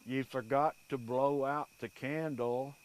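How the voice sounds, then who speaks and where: Man putting on crooked-mouthed old country wife, unhurried drawl, mid voice. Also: mid-range voice, fairly even intonation, smooth, close to an everyday voice. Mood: fussing. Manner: slow twisted-mouth drawl.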